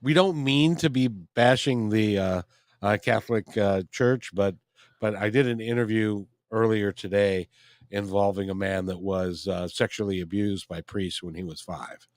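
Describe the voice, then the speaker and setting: A man's voice: on the low side, a little slow, dry recording, clean studio sound. A man hosting a talk radio show, chiming in with his own views and plugging an upcoming episode. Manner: chimes in with opinions, plugs his show.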